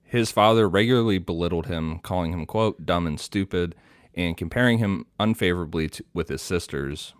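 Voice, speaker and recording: Deep-voiced man reading notes, matter-of-fact. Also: normal speed, smooth, dry recording, studio quality. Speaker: podcast co-host and researcher.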